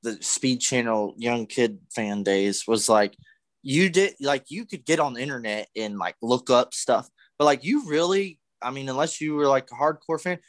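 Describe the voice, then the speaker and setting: A young man co-hosting a casual podcast chat, telling stories excitedly with loud acted-out yells and plenty of swearing. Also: medium pitch, normal speed, no echo. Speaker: podcast co-host.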